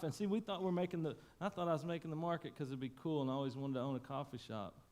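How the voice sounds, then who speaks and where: A man preaching a sermon, telling a story in a folksy, emotional way that swings from loud to hushed. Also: mid-range voice, lively intonation, brisk. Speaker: pastor. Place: church sanctuary.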